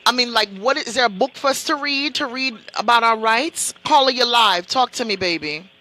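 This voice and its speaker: Woman, Jamaican accent, radio host, chatty, playful, patois, very bright edgy voice. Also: on the high side, fairly quick, poor audio. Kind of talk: live call-in radio show.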